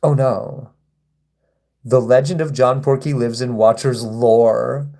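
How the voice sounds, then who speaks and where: Male streamer, provocative and baiting, reads comments aloud, middle-pitched voice. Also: steady tone, slow pace, creaky, mellow. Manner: taunting, provocative, swearing; reads viewer comments aloud and answers them. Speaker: livestreamer. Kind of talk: live stream reading chat comments and replying.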